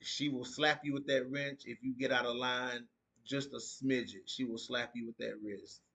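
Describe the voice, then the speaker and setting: A laid-back man from the United States hosts a casual live stream at a mid pitch. He reads viewer comments aloud and riffs on them in an easygoing chat. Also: fairly even intonation, normal speed, fairly bright tone, slightly rough. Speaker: podcast host.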